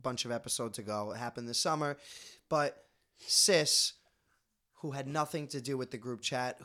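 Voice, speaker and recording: A man's voice: medium pitch, fairly bright tone. A man co-hosting a casual podcast, chatting and gossiping in a rambling way, with the hiccups. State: has the hiccups. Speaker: podcast co-host. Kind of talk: casual chat.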